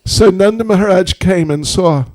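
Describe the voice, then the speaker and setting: A man's voice: high-pitched, normal speed, a little mellow. A man, a spiritual teacher, telling a devotional story to an audience with humorous, chatty asides.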